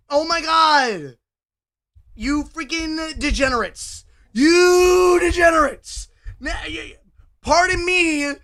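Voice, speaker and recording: A man's voice: very high voice, bright, forceful tone. A man streaming a game live, chatting with his viewers with melodramatic, mock-whining outbursts on a desk microphone. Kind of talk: live gameplay stream chat.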